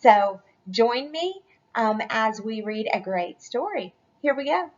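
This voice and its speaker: Cheerful woman teacher reading a storybook to kids, encouraging and animated; lo-fi. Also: on the high side, takes it slowly. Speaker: school curriculum specialist. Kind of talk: read-aloud lesson for children.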